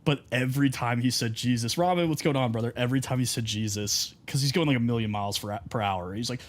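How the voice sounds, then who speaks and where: A man chatting casually on a live game stream, with a middling voice that is neither high nor low. He rambles through stories, stuffs them with "like", and breaks off to greet viewers in chat. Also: quick pace. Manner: rambling storytelling full of "like" and asides to chat.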